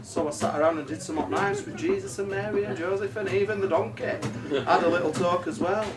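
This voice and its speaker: A man's voice: high-pitched, a little fast. A man telling a rambling, sweary comic story between songs, often laughing. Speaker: comic singer-songwriter. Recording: live room echo, heard from a distance, over loud music.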